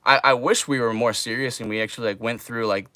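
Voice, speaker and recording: A man's voice: mid-range voice, steady tone, quick pace, sharp tone, no echo, studio quality. A young man chatting casually on a livestream, laid-back and drawling, calling people man and bro.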